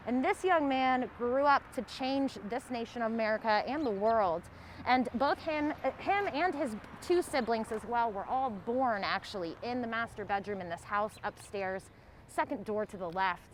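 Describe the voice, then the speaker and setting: Woman, tour guide, lively storyteller, fairly high voice, outdoors on a street, faint traffic behind. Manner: lively, casual storyteller addressing the group.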